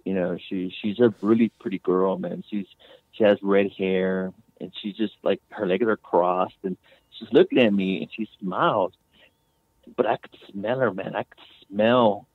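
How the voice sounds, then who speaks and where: Gravelly man on a tinny remote line. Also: sits low, steady tone, a little slow, no room sound. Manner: rambling, many restarts, fillers like "you know" and "man". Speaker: guest author and medium. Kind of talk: casual storytelling.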